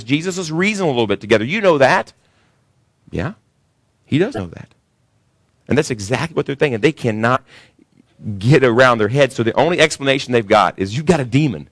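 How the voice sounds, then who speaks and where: A man preaching a sermon as pastor to his congregation, building up with animated emphasis and questions. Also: brisk, long pauses, no echo, studio quality. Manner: animated preaching that rises high when voicing others.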